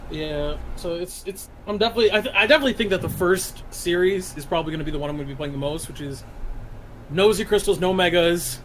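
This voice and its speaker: A man's voice: high-pitched, fast, a bit bright, slight background noise, poor audio. A man co-hosting a casual podcast, explaining things in a laid-back way. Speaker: podcast co-host.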